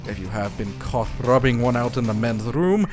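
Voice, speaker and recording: A man's voice: medium pitch, expressive, moderate pace, a little mellow, soft background music. A man co-hosting a comedy show, reading a crude advice letter aloud in a put-on foreign voice.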